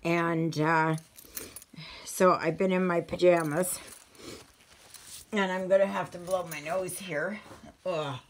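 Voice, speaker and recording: A woman chatting casually to her viewers, a little out of breath, rambling with halting restarts. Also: fairly low pitch, steady tone, a little hiss or hum. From Canada. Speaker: stitching vlogger. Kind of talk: casual chat.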